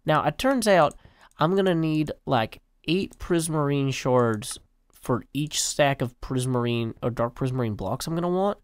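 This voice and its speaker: A man's voice: a little high, animated, unhurried, smooth, no room sound. A man in his forties giving casual, rambling, self-mocking gameplay commentary. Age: 40s. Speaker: game video host.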